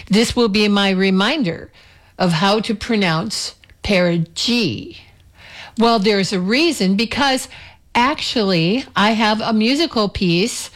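A middle-aged woman hosting a radio music show, chatting in a meandering way with small self-corrections before introducing a track. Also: mid-range voice.

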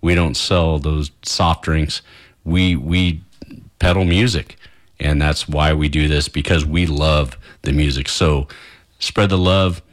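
A very low-voiced man hosting a late-night slot on community radio. He rambles in a friendly way through a pledge-drive pitch, dropping small chuckles as he goes. He speaks close into a studio broadcast mic. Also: steady tone, takes it slowly.

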